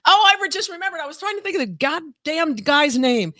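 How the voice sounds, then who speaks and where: A woman's voice: sits high, expressive, bright, forceful tone, dry recording, studio quality. A woman co-hosting a podcast, chatting casually in a blunt, teasing manner that often tips into rants. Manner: blunt, teasing and quick to rant. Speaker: podcast co-host. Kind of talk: casual chat.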